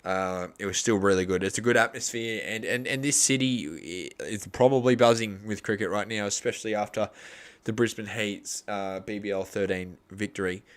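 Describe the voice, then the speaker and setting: A man's voice: fairly low pitch, moderate pace. A young Australian man hosting a live cricket reaction stream, rambling and arguing crudely with his chat.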